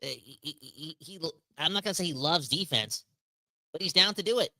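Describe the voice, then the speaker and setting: Male podcast co-host, energetic and slangy, very bright dry sound. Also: on the high side, fairly quick, no room sound. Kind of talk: casual sports podcast chat.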